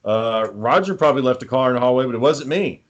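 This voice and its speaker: A man's voice: medium pitch, animated, fast, dull audio. A man co-hosting a casual chat, swearing freely as he tells heated stories about home life. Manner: profane, heated storytelling.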